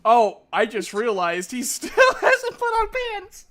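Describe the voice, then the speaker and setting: A woman's voice: a little high, huge pitch swings, a bit bright. A woman narrating a tabletop game as game master, joking with her players and laughing often. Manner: unhurried, laughs often and playful. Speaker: dungeon master.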